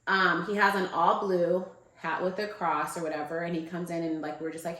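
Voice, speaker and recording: A woman's voice: fairly low pitch, flat delivery, moderate pace, a bit bright. A woman telling a personal story in a loose, chatty way, full of fillers like "like" and "um". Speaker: guest. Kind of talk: casual storytelling. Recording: echoey room.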